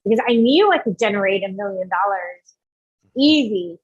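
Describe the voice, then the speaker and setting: A husky, medium-pitched woman speaks at a moderate pace as an entrepreneur guest on an interview podcast. She animatedly tells her story and acts out the people she quotes, recorded with dull lo-fi sound.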